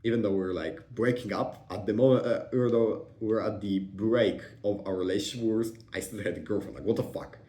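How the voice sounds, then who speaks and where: Low-voiced young man in a roomy echo. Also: a little fast, hardly any pauses, dark tone. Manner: rambling, profane, with many fillers and restarts. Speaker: vlogger. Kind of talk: casual storytelling monologue.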